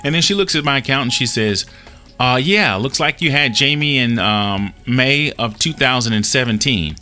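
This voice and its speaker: A man's voice: medium pitch, animated, moderate pace, pushed and bright, faint music behind. A man telling a personal story in a casual, earnest way, acting out the dialogue as he goes. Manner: earnest, retells dialogue with small restarts.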